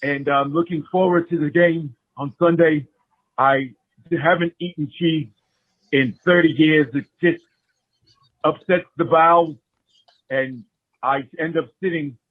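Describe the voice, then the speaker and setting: A man's voice: a little high, no echo. A man doing a rambling old politician on a phone line. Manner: halting, full of "uh" fillers. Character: rambling older male politician impression. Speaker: caller. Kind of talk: prank voicemail. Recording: tinny phone voicemail.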